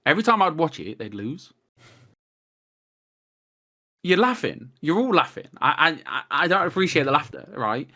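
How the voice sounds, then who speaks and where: On a casual podcast, a guest with a fairly high-pitched voice talks a little fast. He tells long, rambling stories and animatedly acts out people's words.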